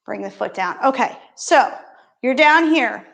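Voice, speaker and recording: A woman's voice: on the high side, expressive, measured pace, gravelly. A woman yoga instructor talking a beginner class through poses and breathing, with encouraging, playful step-by-step cues.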